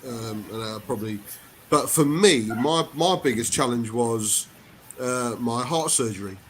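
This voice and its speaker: A man with a middle-pitched voice talks hesitantly on a podcast panel, often stumbling and restarting. Faint ambient noise sits behind him. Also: unhurried. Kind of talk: candid panel talk.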